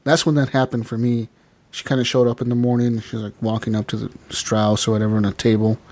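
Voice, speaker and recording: A man's voice: mid-range voice, fast talker. A man co-hosting a podcast, recapping a game in casual chat, laughing often and acting out characters as he tells it. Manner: animated storytelling, acts out characters, swears often. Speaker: podcast co-host.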